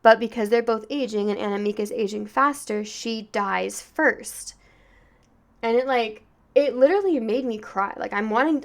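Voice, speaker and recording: A woman's voice: a little high, moderate pace. Chatty woman gushing about a book. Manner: chatty, gushing, full of filler words and restarts. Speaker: book podcast host. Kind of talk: casual book review monologue.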